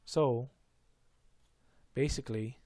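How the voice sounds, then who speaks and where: A man's voice: medium pitch, fairly even intonation, takes it slowly, dark tone, no echo. Guy teaching math, kinda stuttery and rambly, dead dry sound. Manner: rambling, stuttering, self-correcting. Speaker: math tutor. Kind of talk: casual math lesson.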